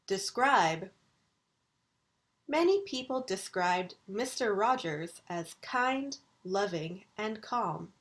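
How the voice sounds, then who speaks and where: Slow, careful woman lecturer. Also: medium pitch, animated, fairly bright tone. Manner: slow, deliberate enunciation of vocabulary. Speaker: university English lecturer. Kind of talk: recorded video lecture.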